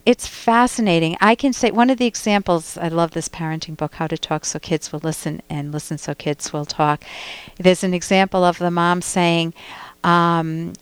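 A woman's voice: on the low side, moderate pace, clear, resonant tone, no echo. A woman hosting a radio call-in show as a clinical psychologist, giving direct, emphatic advice with pointed rhetorical questions, on a close studio mic.

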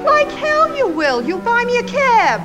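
A woman's voice: very high-pitched, sing-song, measured pace, music in the background, exaggerated voice. An actress playing a brash young woman who snaps back at her date in a film scene. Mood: sassy. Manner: sassy, sharp retorts. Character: brash young woman demanding a cab ride home. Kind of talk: old film dialogue.

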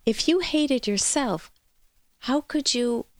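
A woman's voice: high voice, takes it slowly. A woman clinical psychologist hosting a call-in radio advice show, talking to listeners in an earnest, explanatory way.

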